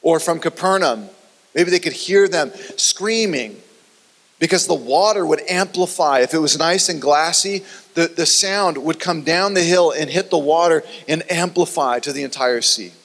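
Man preaching in an echoing hall. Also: normal speed. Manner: dramatic storytelling, often dropping low and quiet. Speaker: pastor. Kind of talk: sermon. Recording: long reverb of a large hall.

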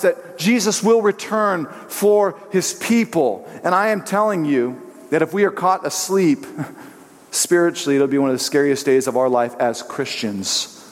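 A man pastor preaching a sermon in a church, animated and joking as he tells personal stories. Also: high voice, in a large hall. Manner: animated, joking storyteller who slips into voices.

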